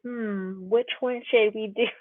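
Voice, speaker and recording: A woman's voice: on the high side, steady tone, a little slow, dry recording. A woman playing in a tabletop game, casual and playful, laughing often. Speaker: player. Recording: tinny phone-like line.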